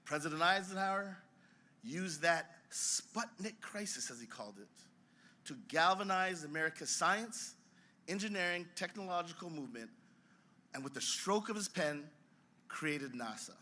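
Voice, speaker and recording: A man's voice: a little high, lively intonation, normal speed, pushed and bright. A man, head of a science museum, giving a formal ceremonial speech in a dramatic, emphatic storytelling manner.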